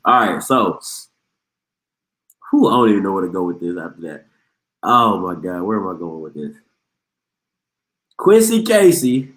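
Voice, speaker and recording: A man's voice: low-pitched, very animated, measured pace, pauses often, a bit bright, roomy sound. A man hosting a live sports talk show, talking in an emphatic, slangy way and repeating himself for effect. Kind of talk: casual sports commentary.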